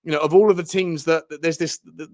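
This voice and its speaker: A man's voice: fairly high pitch, steady tone, fast, a little mellow. A man co-hosting a football podcast in casual chat, rambling, with many fillers and restarts.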